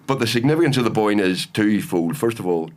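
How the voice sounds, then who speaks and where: Deep voiced guy, talks fast, just laying out facts. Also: expressive. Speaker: podcast host. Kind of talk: casual chat.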